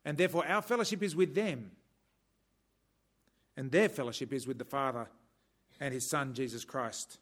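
A man preaching a sermon in a measured, emphatic way, breaking off now and then for dry humorous asides. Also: mid-range voice, a bit bright.

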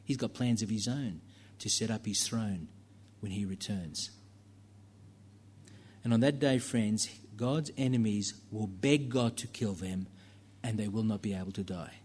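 A man's voice: lowish voice, measured pace, a little mellow, a little hiss or hum. A man preaching a sermon in a church, talking conversationally with fillers and asides to the congregation.

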